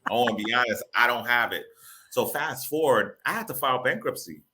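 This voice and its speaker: A man from the Boston area, a real estate broker, telling his story as an interview guest in an animated, casual way, repeating words and using informal grammar. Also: medium pitch, brisk, background noise. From Boston area, Massachusetts.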